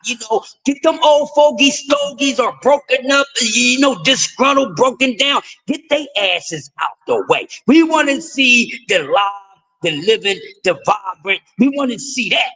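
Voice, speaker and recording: A middle-aged man from the US East Coast with a raspy voice, hosting a casual sports talk live stream and rambling in a loose, jokey way with lots of repeated words. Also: very high-pitched, animated, a little slow, pushed and bright, low-quality recording. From East Coast of the United States.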